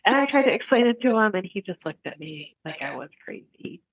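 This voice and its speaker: A middle-aged woman co-hosting a casual podcast chat, telling lively stories and laughing often. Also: medium pitch, brisk, slightly rough, dry recording, rough recording. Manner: animated storyteller, laughs often. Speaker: podcast co-host.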